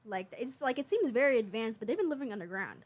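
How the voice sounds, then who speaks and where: A woman co-hosting a loose podcast, her voice sitting a touch high. She rambles from one question to the next and swears freely. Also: big pitch swings, fast. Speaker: podcast co-host. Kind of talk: casual podcast chat.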